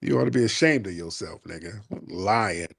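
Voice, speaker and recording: A man's voice: lowish voice, expressive, quick pace, vocal fry, a bit bright, husky, no echo, clean studio sound. A man hosting a live call-in show, brash and profane, teasing callers with laughter. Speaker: show host.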